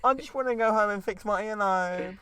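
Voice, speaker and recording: A man voicing a ditzy young woman being chatted up at a bar, with gushing, breathy exclamations, in comic improvised role-play. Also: high voice, brisk, sharp tone, dry recording, voice pushed up. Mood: giddy.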